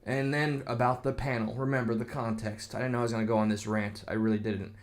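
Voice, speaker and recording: A man's voice: mid-range voice, level tone, fast. A man rants to the camera in a loose, rambling way, full of sarcastic asides. His voice sits in an ordinary middle register. Now and then he breaks off to read comments in a mocking tone. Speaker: video commentator. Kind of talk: casual reaction rant.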